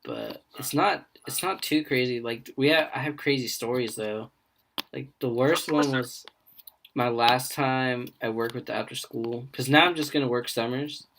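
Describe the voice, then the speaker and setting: A man's voice: medium pitch, moderate pace, a bit bright, slight background noise. A young man co-hosting a podcast, telling a story in a laid-back, slangy way. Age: young adult. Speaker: podcast co-host. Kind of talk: casual chat, storytelling.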